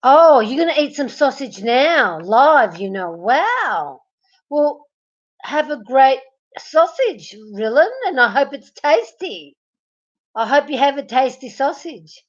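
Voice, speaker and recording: Brief: high-voiced woman, slow and giggly live stream host, muffled lo-fi audio. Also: very animated. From Melbourne, Australia. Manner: giggly, teasing, talks to chatters by name. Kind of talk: casual live stream chat, reading viewer comments.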